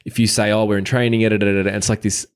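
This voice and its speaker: A man, a dog trainer and podcast co-host, chatting casually and jumping up high when he mimics people. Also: little pitch movement, rapid-fire, smooth.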